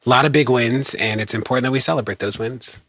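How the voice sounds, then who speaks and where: A man's voice: mid-range voice, quick pace, fairly bright tone, dry recording, studio quality. A man hosting a podcast, talking casually and upbeat with his co-hosts. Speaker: podcast host. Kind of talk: casual chat.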